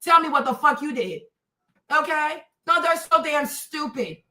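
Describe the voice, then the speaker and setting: A woman in her thirties hosting a livestream, ranting at her chat in a combative, profane, mocking way with loud, emphatic repetition. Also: sits high, lively intonation, unhurried. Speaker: livestream host.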